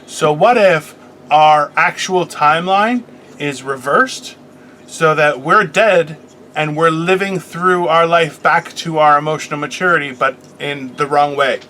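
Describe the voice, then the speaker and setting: A man's voice: a little high, a little slow, pushed and bright, a little hiss or hum. A young man co-hosting a casual podcast, joking, teasing his co-host and rambling through offbeat theories.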